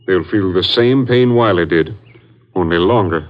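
A man's voice: low-pitched, unhurried. A man playing a grave, matter-of-fact ranger captain in 1950s radio drama acting. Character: grim middle-aged male ranger captain. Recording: muffled old radio broadcast.

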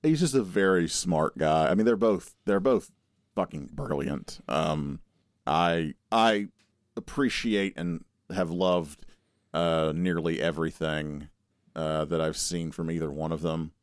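A young man with a very low, deep voice talks with animation, teasing his co-host and swearing offhand. His voice is recorded close and dry, with almost no room sound. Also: measured pace, clean tone, no echo. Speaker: podcast co-host. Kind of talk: casual chat.

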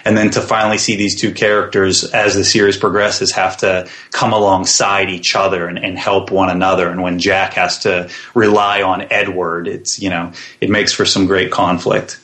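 A man's voice: low-pitched, flat delivery, normal speed, hardly any pauses, pushed and bright. A man, guest on a podcast, describing his web series in a thoughtful interview style with plenty of fillers and restarts.

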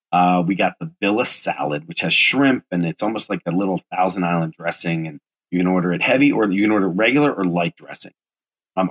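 A man's voice: deep voice, fairly bright tone, rough recording. A man in his forties hosting a casual solo podcast, rambling loosely, swearing and correcting himself as he goes. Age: 40s. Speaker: podcast host.

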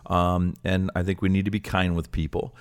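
A man's voice: low-pitched, flat delivery, normal speed, clear, resonant tone. A man who is a pastor, speaking earnestly and casually in a ministry discussion, with many fillers.

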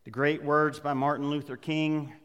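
A man's voice: fairly high pitch, flat delivery, moderate pace, a bit bright, clean tone. Male pastor preaching in a reverberant hall. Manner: conversational, with emphatic rising passages. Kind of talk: sermon.

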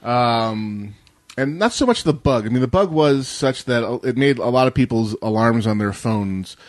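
A man's voice: mid-range voice, lively intonation, moderate pace, no echo. A man co-hosting a casual tech news podcast, talking in a wry, rambling way with jokey asides. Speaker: podcast co-host.

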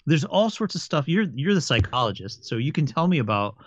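A man's voice: fairly high pitch, brisk, dry recording. A man, a game master and podcast co-host, chatting casually and telling stories with frequent restarts and stammers. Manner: stammers and restarts often, animated storytelling. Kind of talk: casual chat. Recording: dry, slightly dull lo-fi sound.

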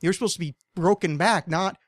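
A man in his thirties hosts a podcast, telling a long, rambling story laced with swearing in a casual chat. His voice sits high and brisk, and the recording is dry.

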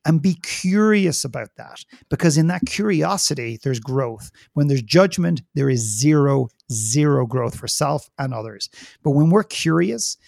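A man with a heavily gravelly, creaky voice talks earnestly as an interview guest, hammering his points home by repeating them. The sound is very dry and close, with no room around it. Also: a little high, a little mellow, no echo. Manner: earnest and emphatic, repeats phrases for stress. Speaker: guest speaker. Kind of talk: podcast interview talk.

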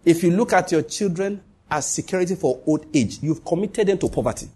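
A man's voice: on the high side, expressive, a little fast, warm tone, slightly rough. A man preaching a sermon as pastor, emphatic, repeating his points and swinging his voice up and down.

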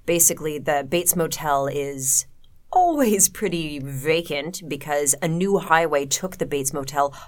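A woman's voice: low voice, animated, measured pace. A woman co-hosting a casual film discussion, wry and arguing her points in full, thought-out sentences. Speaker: podcast co-host.

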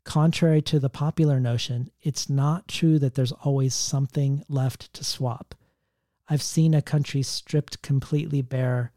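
Male interviewer with a mellow voice and a dry, close sound, measured and reflective. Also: mid-range voice, no echo. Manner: measured, reads quotes aloud, reflective. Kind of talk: literary interview questions.

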